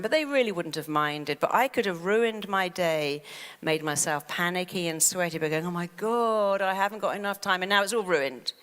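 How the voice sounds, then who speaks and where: Woman doing a motivational talk, lowish voice, lots of hall echo, acts out worried voices. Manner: animated, acts out quoted worries in a fast fretful voice. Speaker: therapist and speaker. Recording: long hall reverb.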